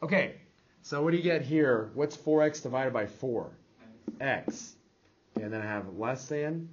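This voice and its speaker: A man's voice: mid-range voice, measured pace, dull audio. A man teaching a math class, leading with questions and checking in with his students. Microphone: classroom recording device.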